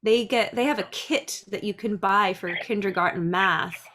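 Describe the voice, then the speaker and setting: Middle-aged lady teacher chatting away about kids classes, lively, faint background noise. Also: mid-range voice, moderate pace. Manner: chatty, lively, acts out little voices. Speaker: dance and preschool teacher. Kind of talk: casual talk.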